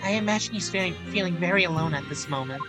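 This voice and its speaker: A man's voice: sits high, fast talker, over music, voice pushed up, lightly acted. A man voicing a courteous, earnest young woman who assists a lawyer in a courtroom game. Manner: courteous, eager, formal.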